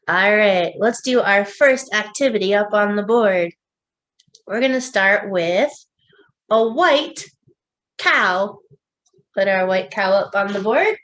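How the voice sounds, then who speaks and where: A woman, a children's librarian, leading a preschool storytime with songs, animal sounds and a picture book read aloud in a slow, sing-song, coaxing way. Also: mid-range voice, lively intonation, fairly bright tone.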